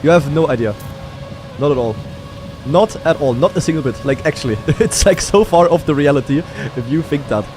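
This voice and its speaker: A German-accented man streams a casual live commentary over faint background music. His voice sits a little high for a man, and his easy chatter keeps tipping into sudden excited cries and casual curses. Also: fairly quick. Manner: chatty, swears casually, breaks into excited outbursts. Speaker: streamer hosting a watch party.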